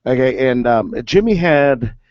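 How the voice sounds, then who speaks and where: A man's voice: medium pitch, expressive, unhurried, dry recording. A man, a former ballplayer, telling stories in a casual, rambling way, filling gaps with "uh" and "okay". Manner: rambling, filler-heavy with many "okay"s. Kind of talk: casual storytelling. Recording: dull lo-fi sound.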